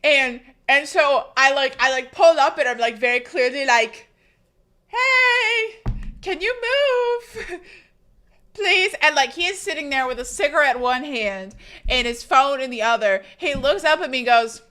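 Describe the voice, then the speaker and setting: A young adult woman chatting on a live stream, telling rambling stories with lots of swearing and animated asides to her chat. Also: high voice, moderate pace.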